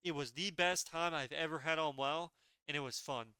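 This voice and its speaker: A man's voice: on the high side, moderate pace, pushed and bright, clear, resonant tone, no echo. A young man giving casual, blunt and opinionated tier-list commentary as a gaming video creator.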